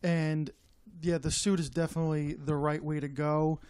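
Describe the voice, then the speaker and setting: Hesitant panelist with a higher voice. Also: male voice, little pitch movement, normal speed, a little mellow, smooth, no room sound. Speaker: podcast panelist. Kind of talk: casual panel chat.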